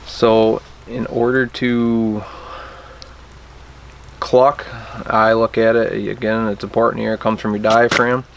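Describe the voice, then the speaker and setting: A man's voice: fairly low pitch, little pitch movement, takes it slowly, gravelly, pauses often, a little hiss or hum. A man casually teaching a hands-on technique, plainspoken and hesitant, often restarting his sentences. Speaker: turkey call instructor. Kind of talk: casual how-to demonstration.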